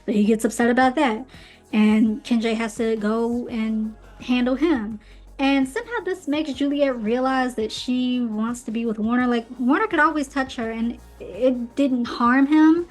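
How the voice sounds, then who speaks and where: A woman's voice: fairly high pitch, measured pace, a little mellow. A woman hosting her own podcast, casually recapping a book series in a chatty, opinionated way with playful asides. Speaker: podcast host reviewing books. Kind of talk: casual commentary. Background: faint background music.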